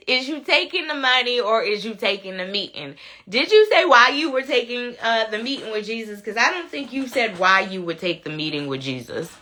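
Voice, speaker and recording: A woman's voice: a little high, bright, forceful tone. A woman hosting a casual live chat, reading viewer comments aloud, laughing and talking back to them. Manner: chatty, laughs often, talks back to commenters.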